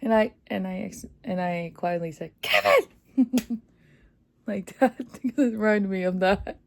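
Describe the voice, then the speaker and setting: A woman giving a casual, excited movie review, chatty and full of fillers, laughing often. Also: mid-range voice, normal speed, vocal fry, slight background noise. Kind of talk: casual spoiler review vlog.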